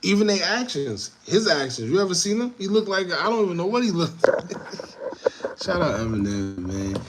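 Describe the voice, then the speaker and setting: A man hosting an online commentary show, talking casually to viewers in a repetitive, animated way with laughing asides. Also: high voice, moderate pace, slight background noise. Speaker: show host.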